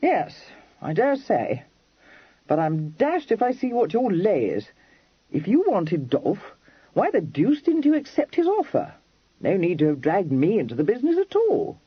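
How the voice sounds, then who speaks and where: A man's voice: high voice, huge pitch swings, a little slow, slightly rough, dry recording, voice pushed up, exaggerated voice. A man voicing a mild, blunt young Regency dandy who talks in clipped, slangy phrases and drops his words. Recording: dry, dull lo-fi recording.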